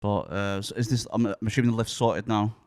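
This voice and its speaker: A man's voice: fairly low pitch, little pitch movement, fast talker. A man hosting a podcast in a studio, asking questions and restarting them as he goes. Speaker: podcast host. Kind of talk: casual chat.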